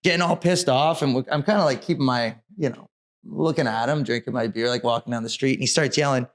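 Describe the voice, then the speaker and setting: A man telling a story as a brewery co-founder guest on a podcast, animated and rambling, filling his speech with "like". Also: medium pitch, quick pace. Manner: animated, rambling, frequent "like" fillers. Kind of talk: casual storytelling.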